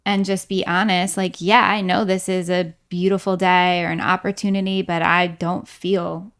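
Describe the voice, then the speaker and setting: A woman's voice: fairly low pitch, little pitch movement, moderate pace, a bit bright. A woman co-hosting a faith podcast, speaking candidly and laughing at herself while acting out what she said. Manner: candid, self-deprecating, acts out her own quoted lines. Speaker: podcast co-host. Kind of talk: casual faith discussion.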